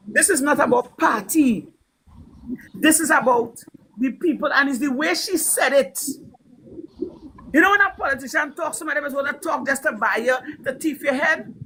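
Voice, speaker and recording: Woman, Trinidadian accent, high voice, fervent, repetitive, live-stream commentary. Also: moderate pace, bright, forceful tone, a little hiss or hum, low-quality recording. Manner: fervent, emphatic, repeats for effect. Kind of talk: impassioned political talk.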